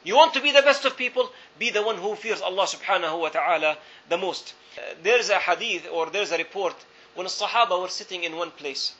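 Very high-voiced earnest male preacher. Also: animated, brisk, bright, forceful tone. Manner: earnest storytelling, repeats phrases for emphasis. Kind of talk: sermon. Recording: dull lo-fi recording.

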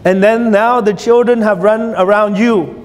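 Man, sermon, slow unhurried delivery, questions to the audience, long echoing hall. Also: sits high, steady tone. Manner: storytelling, asks the audience questions. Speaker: preacher.

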